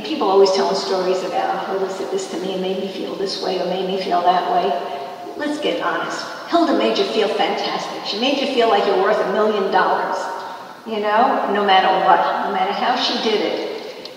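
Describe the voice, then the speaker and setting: Woman telling stories in an echoey hall. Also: medium pitch. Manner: conversational storyteller, many "you know" asides. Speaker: leader of a spiritual peace meeting. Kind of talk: informal spiritual talk to a gathering. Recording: echoey hall, voice from far off, faint noise.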